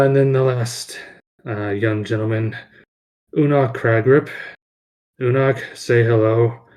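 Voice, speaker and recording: A man's voice: fairly low pitch, a little mellow. A man narrating as game master, rambling with lots of fillers.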